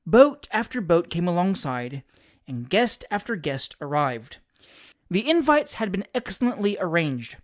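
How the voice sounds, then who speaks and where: An audiobook narrator reading a classic comic story in a theatrical, expressive way. The pitch moves a great deal from phrase to phrase, at an even middle height.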